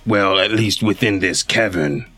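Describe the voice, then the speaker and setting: A man voicing a fussy, pedantic male creature who lectures about proper terms, a little lower than his own voice. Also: measured pace, a bit bright, husky, soft background music, exaggerated voice. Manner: prim, precise, lecturing.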